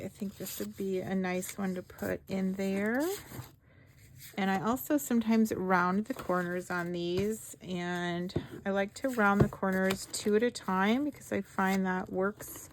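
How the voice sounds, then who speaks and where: A woman hosting a craft video, talking slowly and softly as she walks through her project with gentle enthusiasm. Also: mid-range voice, a little hiss or hum. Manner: slow, soft-spoken, gently enthusiastic. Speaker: craft channel host. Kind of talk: craft-along narration.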